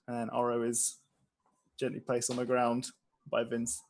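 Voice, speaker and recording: A man narrating a tabletop game as game master, playful and quick to laugh. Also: mid-range voice, monotone, creaky.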